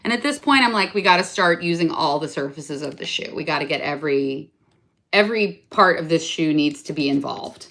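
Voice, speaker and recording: A young adult woman with a low, slightly bright voice shows off a craft project in a casual show-and-tell vlog, talking a little fast with lively intonation. She rambles chattily, corrects herself mid-sentence, and is enthusiastic yet playfully self-mocking about her attention to detail.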